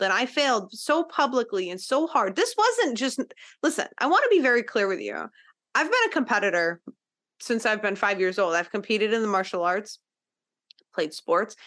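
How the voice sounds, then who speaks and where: A woman's voice: mid-range voice, fairly bright tone. A woman hosting a podcast, telling a personal story in a casual, emphatic way, with frequent fillers and the odd swear word. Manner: earnest, driving home lessons to the listener. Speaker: podcast host.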